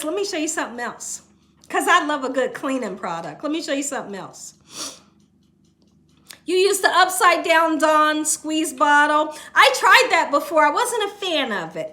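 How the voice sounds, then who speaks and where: A cooking channel host chats casually on a livestream from her home kitchen, reading viewer comments aloud and laughing often. Her voice is high, bright, and forceful.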